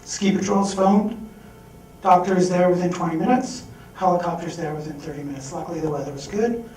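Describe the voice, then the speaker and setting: A man telling a personal story on stage, animated, acting out the voices he quotes. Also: high-pitched, a little fast, a little hiss or hum. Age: adult. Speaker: speaker. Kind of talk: storytelling talk. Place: large hall. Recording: echoey hall from far off.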